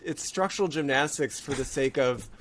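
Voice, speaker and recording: Guest voice: man, mid pitch, casual podcast chat, thinks aloud and restarts sentences. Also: a bit bright, a little hiss or hum. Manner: thoughtful, halting, with frequent restarts.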